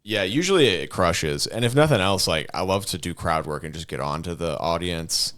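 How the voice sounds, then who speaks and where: A man guesting on a podcast, chatting loosely about his comedy, with a very deep, low voice. He hesitates often, filling gaps with ums and letting sentences trail off. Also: lively intonation, normal speed, fairly bright tone. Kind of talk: casual podcast chat.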